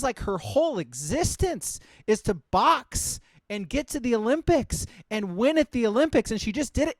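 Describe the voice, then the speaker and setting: A man's voice: very high-pitched, no echo. A man co-hosting a sports podcast, talking in a heated, profane way and repeating himself for emphasis. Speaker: podcast co-host. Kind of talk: casual sports podcast chat.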